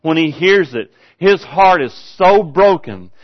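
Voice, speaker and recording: A man's voice: fairly high pitch, animated, a little slow, highs cut off. A man preaching in a folksy, conversational way, asking his audience rhetorical questions. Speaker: pastor. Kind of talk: folksy preaching, Bible study.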